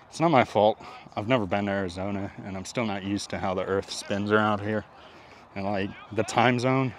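A man's voice: fairly low pitch, a little hiss or hum. A young man on an outdoor ball field giving self-mocking, joking vlog commentary with plenty of swearing. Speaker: baseball player and vlogger.

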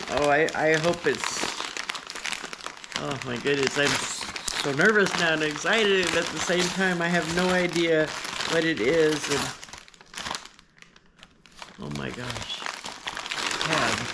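A woman hosting a casual unboxing vlog, talking in a gushing, excitable way. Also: low-pitched, takes it slowly, pauses often, background noise. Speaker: vlogger host. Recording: paper crinkling and clicks behind.

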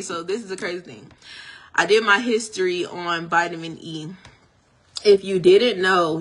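A woman's voice: fairly low pitch, bright, forceful tone, slightly rough. A woman hairstylist chatting casually to her viewers about her products, gushing and a little tongue-tied from her retainers. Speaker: hairstylist and small business owner. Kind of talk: casual product reveal vlog.

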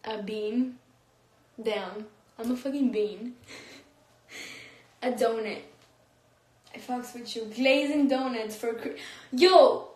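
Young woman, high voice, slow and giggly, slangy livestream chat from a phone in an echoey room. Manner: giggly, slangy, laughs often. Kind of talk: casual livestream chat reading comments.

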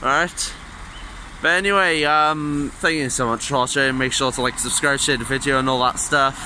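Young welsh guy rambling into his phone outside, really bright voice, faint traffic going by. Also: medium pitch, steady tone, moderate pace. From Wales. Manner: rambling and offhand, with loose swearing. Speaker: gaming YouTuber. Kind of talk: casual vlog chat. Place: outdoors on a busy street, walking to a bus stop. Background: passing traffic.

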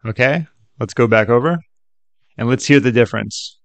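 A man's voice: medium pitch, normal speed, no echo. A man hosting a casual tutorial, talking loosely with lots of "like" and "okay" as he tests sample clips. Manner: loose and chatty, many fillers like "like" and "okay". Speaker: tutorial host. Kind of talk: casual screen-recorded tutorial.

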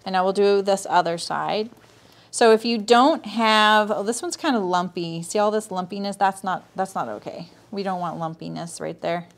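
A woman's voice: medium pitch, normal speed, creaky. A woman hosting a live sewing tutorial, talking viewers through each step in a chatty way, greeting them by name and checking in with "right?". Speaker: sewing teacher and livestream host.

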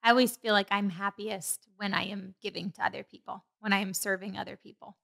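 A woman hosts a faith-centered podcast interview in a casual, affirming way. Her voice is bright and forceful, with a creaky, gravelly texture, and she encourages her guest as they talk. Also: medium pitch, little pitch movement, brisk. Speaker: podcast host.

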